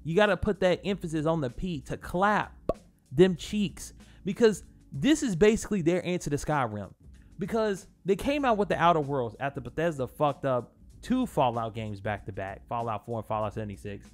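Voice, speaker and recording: A man's voice: a little high, expressive, brisk, faint music behind. A man hosting a casual gaming commentary, talking in a blunt, profane and rambling way. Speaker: gaming channel host.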